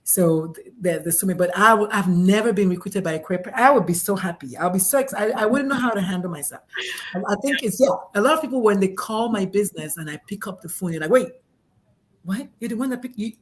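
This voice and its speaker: Woman host, excitable, animated, restarts a lot, middle pitch. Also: fast. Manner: excitable, animated, lots of restarts and quoted voices. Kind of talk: casual chat.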